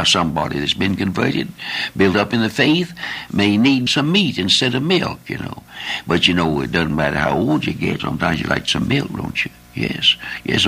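An older man preaches with a gravelly, husky voice pitched on the low side. He talks in a homely, repetitive way and keeps asking the listeners questions. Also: fairly bright tone. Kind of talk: sermon.

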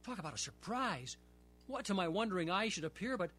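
Male storyteller, children's book read-aloud, husky voice, very animated pitch. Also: fairly quick. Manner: lively, expressive storytelling.

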